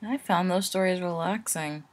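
A woman chatting casually and giggling between read-aloud lines of a story, with a husky voice. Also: lowish voice, normal speed, a little mellow.

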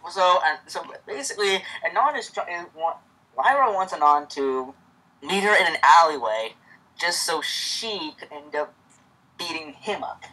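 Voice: medium pitch, animated, a little slow, bright, forceful tone, slightly rough, low-quality recording. A person reading a fan story aloud outdoors in the cold, often stammering and correcting themselves, with chatty asides. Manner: stammering, rambling, self-correcting.

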